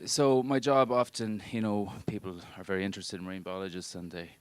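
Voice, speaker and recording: A man in his thirties performing stand-up on a club stage. He talks in a fairly low voice. His delivery is dry and pedantic, as if he were correcting a lecture, and he speaks into a handheld mic. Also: level tone, brisk, smooth, no room sound. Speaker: stand-up comedian and marine biologist. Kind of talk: stand-up comedy set. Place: comedy club stage before a live audience.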